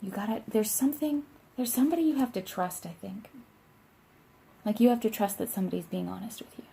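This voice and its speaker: Warm-voiced woman giving heartfelt tarot encouragement. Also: medium pitch, a little fast, gravelly, breathy edge. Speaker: tarot reader. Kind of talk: casual tarot reading vlog.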